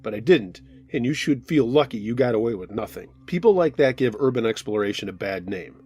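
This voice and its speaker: Speaking briskly in a husky, medium-pitched voice, this man reads true scary stories sent in by listeners, told in the first person with steady pacing.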